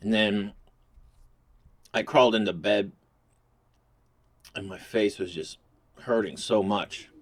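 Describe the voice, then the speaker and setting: Talking to camera as the host, a man with a fairly low voice spins a crude, rambling comic story, swearing freely in a loose, casual way. His intonation stays fairly even, and he speaks slowly with long pauses.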